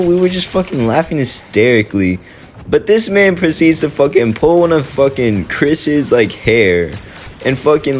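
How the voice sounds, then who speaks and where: A young man at a middle pitch tells a story in a loose, rambling way. He fills his talk with "like" and "you know" and swears freely. A faint hiss sits under his voice. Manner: rambling and profane, heavy with fillers. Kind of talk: casual storytime vlog.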